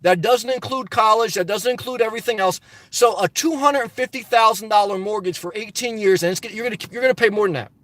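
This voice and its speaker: A middle-aged man with a high voice answers his viewers' comments on a live stream. He talks casually but slips into passionate rants. The sound is dry and close, with no room echo. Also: a little fast, few pauses, a bit bright. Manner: passionate, ranting; reads viewer comments aloud and answers them. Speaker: livestream host. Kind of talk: casual live-chat reply.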